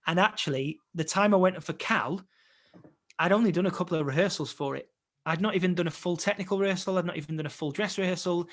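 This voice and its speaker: A young adult man, an actor and interview guest, telling his story in a lively, casual way and acting out remembered conversations. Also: high voice, fast.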